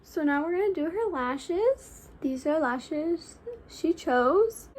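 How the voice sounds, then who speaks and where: A woman's voice: sits high, expressive, takes it slowly. A young woman chatting casually while doing a friend's makeup, gushing and starting sentence after sentence with "honestly". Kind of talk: casual chat.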